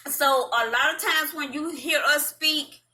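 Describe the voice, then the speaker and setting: A middle-aged woman with a Southern US drawl talks casually to her viewers. Her voice sits a bit high and rings very bright. She rambles in a folksy way, with frequent ums and easy laughs. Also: unhurried. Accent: Southern US (North Florida, Georgia-like). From Madison, Florida, US South. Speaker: vlog host. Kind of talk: casual chat to camera.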